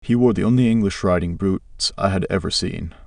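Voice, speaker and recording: Deep, gravelly male audiobook narrator. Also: fairly quick, darkish tone, dry recording, studio quality, distant mic. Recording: voice a bit off-mic.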